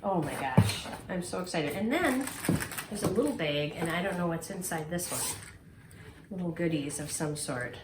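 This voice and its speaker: A middle-aged woman in casual, excited chat, gushing and exclaiming to her viewers as she unboxes a prize at home. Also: fairly low pitch, normal speed. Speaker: quilting vlogger unboxing a prize. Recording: echoey room, faint noise.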